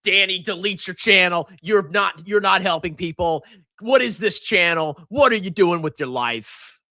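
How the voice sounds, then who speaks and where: A man doing loud, sarcastic reaction commentary as a finance channel host, reading out and mocking viewer comments. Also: sits high, lively intonation, normal speed, no echo, studio quality.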